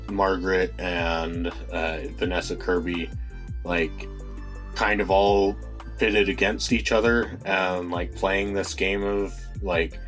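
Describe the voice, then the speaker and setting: Male film reviewer, unhurried delivery, halting and filler-heavy, faint music underneath. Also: deep voice, a bit bright. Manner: hesitant, many fillers and restarts. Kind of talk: casual spoken film review.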